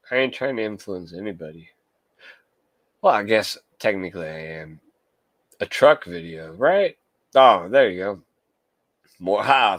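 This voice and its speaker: A man's voice: deep voice, dry recording. A man from California, hosting a casual late-night livestream and chatting loosely with viewers, joking and swearing freely as he talks to them by name. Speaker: livestream host, collector.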